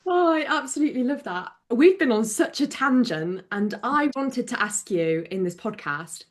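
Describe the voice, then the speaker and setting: A woman's voice: a little high, animated, moderate pace. A woman hosting a podcast, chatty and laughing along with her guest. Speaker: podcast host. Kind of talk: casual podcast chat.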